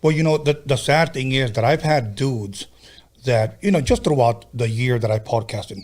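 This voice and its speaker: A man's voice: mid-range voice, moderate pace, a little mellow. A man hosting a podcast interview, asking questions and agreeing often. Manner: agreeable, frequent "right, right" backchannels. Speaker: podcast host.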